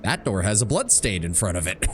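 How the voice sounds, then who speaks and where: A man's voice: lowish voice, sing-song, a little fast, soft background music. A man streaming a video game, chatting casually and wryly, swearing and thinking aloud about the game's rules. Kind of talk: casual let's-play commentary.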